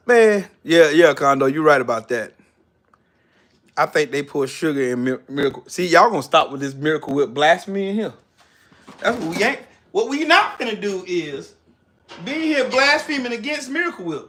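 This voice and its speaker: A man's voice: high voice, a bit bright. A man hosting a casual cooking livestream, mock-dramatic and wailing, repeating himself and cursing freely.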